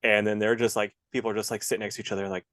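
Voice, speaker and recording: A man's voice: fairly low pitch, level tone, very fast, a bit bright, no echo, clean studio sound. A young man co-hosting a podcast in casual, laid-back, joking chat. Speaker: podcast co-host.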